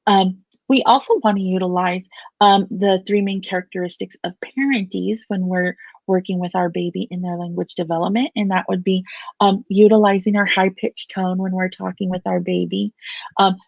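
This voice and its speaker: A woman therapist giving measured, explanatory answers in an interview, often pausing with fillers. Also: medium pitch, vocal fry, slightly rough, no room sound, lo-fi sound. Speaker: family therapist and play therapist.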